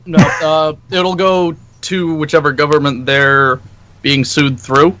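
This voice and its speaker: A man's voice: a little high, level tone, slow pace, bright, forceful tone. A man co-hosting a gaming podcast in casual chat, cracking jokes between many fillers. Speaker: podcast co-host.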